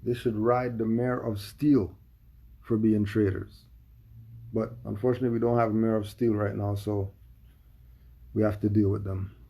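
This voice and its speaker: Gravelly, husky man ranting. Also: fairly low pitch, flat delivery, moderate pace, pauses often, warm tone. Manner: emphatic, full of rhetorical questions. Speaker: commentator. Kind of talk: livestream commentary.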